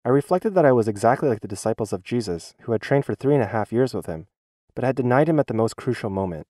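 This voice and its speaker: A man voicing a schoolteacher's church testimony as a dubbed voice-over, in an earnest, measured reading. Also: mid-range voice, expressive, warm tone, no echo, clean studio sound.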